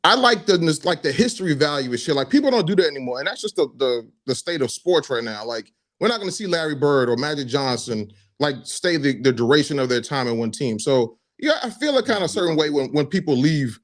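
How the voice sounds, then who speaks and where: Opinionated man, slightly high voice. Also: brisk, few pauses. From Boston area. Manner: opinionated, excitable, heavy use of "like". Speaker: podcast co-host. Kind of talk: casual sports chat.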